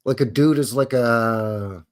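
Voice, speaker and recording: A man's voice: mid-range voice, slow. A man from Canada, hosting a live stream in a rambling chat that acts out quoted voices and answers viewers. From Western Canada. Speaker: livestream host.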